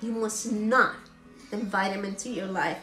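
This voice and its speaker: A woman's voice: medium pitch, fairly even intonation, unhurried, a bit bright, reverberant, faint music behind. A woman vlogger giving an emotional motivational talk. She is earnest and preachy and repeats phrases for emphasis.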